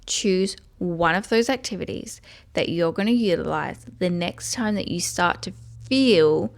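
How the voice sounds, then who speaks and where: A woman's voice: on the low side, a little slow, vocal fry. A woman giving a self-help video lesson, earnestly guiding the listener step by step and speaking affirmations aloud. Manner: speaks tapping affirmations aloud in first person.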